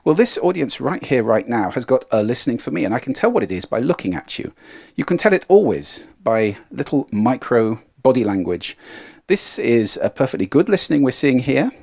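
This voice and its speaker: A middle-aged man from England coaches a live audience on speaking. His voice swoops in pitch as he demonstrates registers, dropping from head voice into chest voice and whispers. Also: vocal fry. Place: stage before a live audience.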